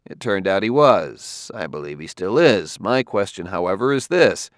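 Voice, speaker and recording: A man voicing a wary male detective who talks crisply and gives orders. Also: deep voice, expressive, normal speed, dry recording, clean studio sound. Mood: commanding. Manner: sharp, giving crisp orders.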